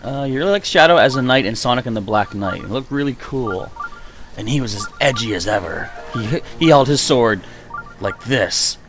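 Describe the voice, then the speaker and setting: A man's voice: medium pitch, animated, normal speed, music in the background. A man chatting to himself and his viewers while playing through a live stream, reacting as he goes. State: hiccuping. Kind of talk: gameplay live stream commentary.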